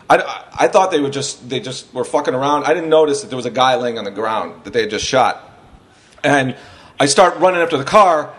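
A man guesting on a podcast, telling a wild story in a rambling, profane way and often laughing through it. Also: mid-range voice. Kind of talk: casual storytelling.

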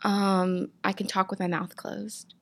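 A woman's voice: medium pitch, level tone, unhurried. A woman from the American South, an easygoing, self-deprecating guest in a casual interview. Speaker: guest, voice actor.

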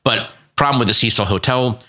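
A man in his fifties chatting casually as a podcast co-host, an animated storyteller who stumbles over restarts. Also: mid-range voice, brisk. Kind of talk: casual chat.

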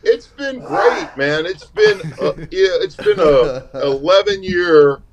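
A man in his fifties, a guest on a casual podcast, telling boastful stories with loud laughing outbursts. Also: high voice, expressive, slow pace, highs cut off, a crowd in the background. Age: 50s.

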